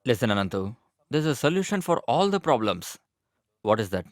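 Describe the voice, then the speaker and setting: An actor in a dubbed film playing a calm doctor who reassures his friend. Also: medium pitch, a little fast, no room sound, clean studio sound.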